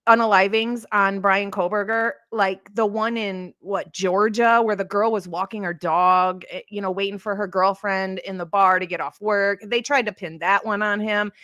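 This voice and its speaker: A chatty woman hosts a true crime livestream and rambles as she replies to her chat. Her pitch sits in the middle range for a woman. The sound is dry and close, with no room echo. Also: fairly bright tone. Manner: rambling, chatty, answers live chat comments. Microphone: streaming setup.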